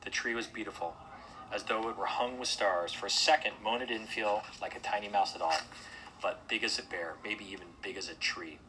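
A man reads a children's storybook aloud in a gentle, unhurried way. His voice sits fairly low but has a bright, forward tone. Small slips and restarts keep it natural. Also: slight background noise, low-quality recording. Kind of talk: storybook narration.

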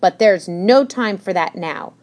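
A woman's voice: medium pitch, unhurried, a little mellow, close to an everyday voice. A woman voicing a fussy, sniffly old female hedgehog in a storybook reading, with exclamations. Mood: hurried. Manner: exclaiming, flustered.

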